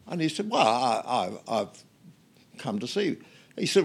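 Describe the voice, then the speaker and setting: An older Australian man, a guest in an interview, telling anecdotes in a relaxed way with many fillers and restarts. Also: mid-range voice, moderate pace, creaky, husky.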